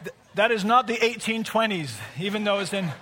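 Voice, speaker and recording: High, bright-voiced pastor preaching. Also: male voice, a little fast, some chatter behind. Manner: personal and heartfelt, building to emphatic preaching. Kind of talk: conversational sermon.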